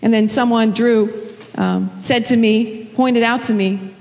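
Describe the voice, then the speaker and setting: Woman pastor preaching hard, high voice, repeats herself, big echoey church. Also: steady tone, slow pace, vocal fry, a little mellow. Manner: impassioned preaching, repeats phrases, exclaims. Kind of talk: sermon. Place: church sanctuary. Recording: hall reverb.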